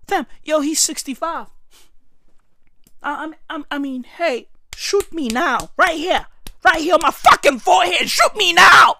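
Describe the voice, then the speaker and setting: A woman doing a loud, crude comic rant, shouting often and stretching her words for effect. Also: very high-pitched, huge pitch swings, moderate pace, no echo, clean studio sound. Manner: loud, exaggerated, crude ranting with frequent shouts.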